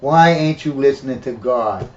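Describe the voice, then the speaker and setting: A man's voice: medium pitch, normal speed, darkish tone, voice pushed down, close to an everyday voice. Man doing a scolding voice claiming to be God. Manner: scolding, casual slang. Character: booming demanding male voice claiming to be God. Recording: dull, roomy recording.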